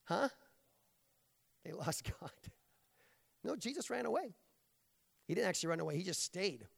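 A man's voice: high voice, very animated, moderate pace, vocal fry, fairly bright tone. Man, preacher, sermon, playful jokey delivery, long hall reverb.

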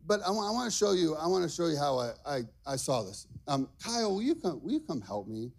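A middle-aged man pastor preaching a lively sermon to a congregation, energetic and repeating "okay?" and "all right" often. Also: a little high, fast, creaky. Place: church stage before a congregation.

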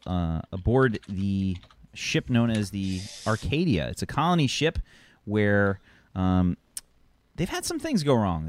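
A man's voice: fairly low pitch, no echo. Rambling man hosting a role-play show. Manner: rambling, halting, with many fillers. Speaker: host and game master. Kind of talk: casual show introduction.

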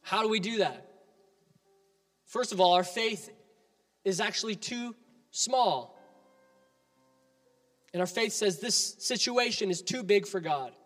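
A man's voice: sits high, slow pace, long pauses, a bit bright, big-room sound, faint music behind. A man preaching a sermon as pastor, emphatic and building with repeated appeals.

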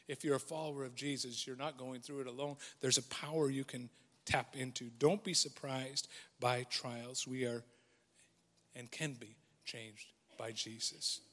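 A man preaching a sermon earnestly, moving between quiet reflection and emphatic, building declarations. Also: medium pitch, in a large hall. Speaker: pastor.

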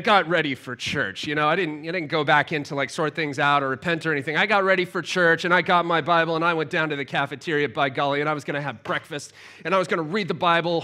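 A man's voice: a little high, bright, forceful tone. A man preaching a sermon in church, telling a self-deprecating personal story and asking the congregation questions. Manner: self-deprecating, chatty, asks the audience questions.

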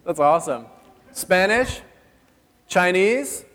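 High-voiced male pastor in a reverberant hall. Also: expressive, slow, fairly bright tone. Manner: conversational and joking, asks the audience questions. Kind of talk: sermon. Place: church hall. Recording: long reverb of a church hall.

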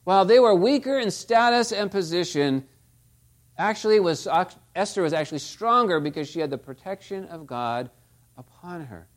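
A man's voice: high-pitched, expressive, normal speed. A man preaching a sermon, telling stories and asking the listeners rhetorical tag questions. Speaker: pastor.

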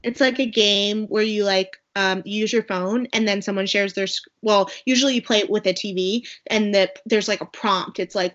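A woman's voice: medium pitch, fairly even intonation, normal speed, few pauses, a bit bright. A woman co-hosting a podcast, recapping a movie in casual chat, rambling with many fillers and asides. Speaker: podcast co-host. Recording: dull lo-fi sound.

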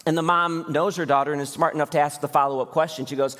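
A man's voice: a little high, fairly even intonation, fast, a bit bright. A man in his thirties preaches with a slightly raised voice, earnest and conversational, often turning to his listeners directly. His voice rings out with a long reverb from a large church hall, picked up on a close mic. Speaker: pastor. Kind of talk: sermon.

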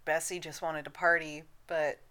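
A woman co-hosting a casual podcast chat, giggly and laughing often, audibly high. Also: little pitch movement, normal speed, pushed and bright, smooth. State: high on cannabis. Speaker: podcast co-host.

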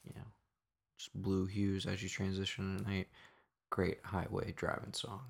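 A man's voice: low-pitched, monotone, measured pace, creaky, slightly rough. A man co-hosting a podcast with his brother in laid-back, jokey chat, laughing often. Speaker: podcast co-host. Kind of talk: casual chat.

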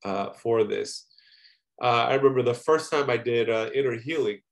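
A man giving a conversational sermon, earnest and personal, often adding "you know" as he talks. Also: medium pitch. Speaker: preacher.

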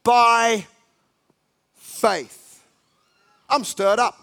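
High-voiced man preaching with loud rallying cries. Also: fairly even intonation, drawn-out words, creaky. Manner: emphatic, repetitive exhortation with sudden loud rallying cries. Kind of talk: sermon.

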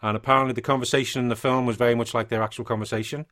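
A man's voice: mid-range voice, little pitch movement, rapid-fire, a bit bright. A man co-hosting a casual podcast, reading notes with chatty asides. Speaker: podcast co-host.

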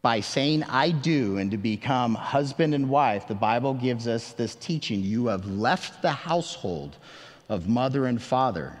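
A man preaching a sermon as pastor, earnest and conversational, with self-deprecating asides and emphatic questions to the congregation. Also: medium pitch. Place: church sanctuary. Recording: long reverb of a large hall.

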